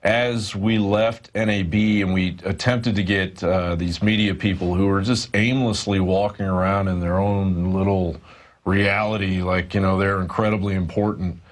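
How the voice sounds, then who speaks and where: A man's voice: low-pitched, steady tone, moderate pace. A male reporter talking through a studio news discussion, rambling and hesitant with many fillers.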